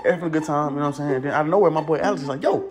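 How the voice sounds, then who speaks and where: A young man telling a story in a casual, slangy, animated way, acting out the voices himself. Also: a little high, very fast. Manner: animated, slangy, acts out every voice. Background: music.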